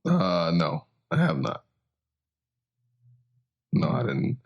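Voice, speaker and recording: A man's voice: sits low, huge pitch swings, takes it slowly, dull audio. A young man co-hosting a podcast in casual chat, laid-back and repeating himself as he talks. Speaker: podcast co-host.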